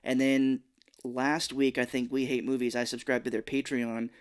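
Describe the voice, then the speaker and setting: A man in mid pitch co-hosting a podcast, talking in easy, casual chat. He is animated and keeps slipping into quick voices as he retells scenes. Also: clear, resonant tone. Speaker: podcast co-host.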